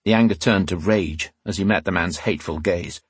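A man reads a fantasy novel aloud in a measured, dramatic way. His voice sits low with a husky grain. The recording is close and dry, with no room sound. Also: no room sound. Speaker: audiobook narrator. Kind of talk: scripted fantasy narration.

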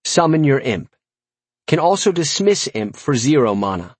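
A man's voice: medium pitch, big pitch swings, moderate pace, breathy edge, dry recording. A man narrating a first-person fantasy audiobook in a wry, conversational way.

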